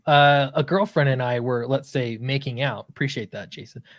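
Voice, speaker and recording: A man with a mid-pitched voice tells an embarrassing story on a podcast, laughing at himself and stumbling over restarts. His voice is recorded close and dry. The chat is casual and loose. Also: steady tone, dry recording. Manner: self-deprecating, laughing, halting restarts. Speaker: podcast co-host.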